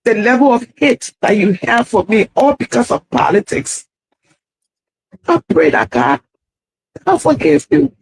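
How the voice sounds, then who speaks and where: A woman's voice: on the high side, very animated, a little slow, creaky, slightly rough, rough recording. A woman making a tearful, pleading apology video, played inside a commentary.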